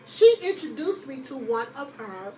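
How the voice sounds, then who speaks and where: A woman host casually telling a personal story to her listeners, lively and chatty, often laughing and calling them y'all. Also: sits high, normal speed, distant mic, rough recording.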